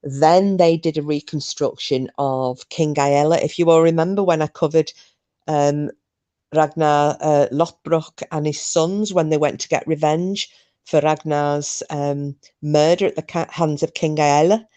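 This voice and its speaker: A woman's voice: low voice, steady tone, a little slow, dark tone. A woman hosting a podcast, telling a story in a chatty, rambling way with frequent ums. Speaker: podcast host. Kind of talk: casual chat.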